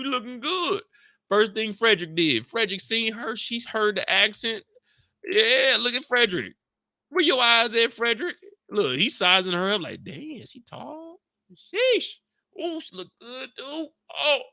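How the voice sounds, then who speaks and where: Man, casual recap commentary, slangy, animated, higher-pitched voice, very bright tone. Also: dry recording, clean studio sound. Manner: animated, slangy, laughs often, mimics characters. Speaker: show recap host.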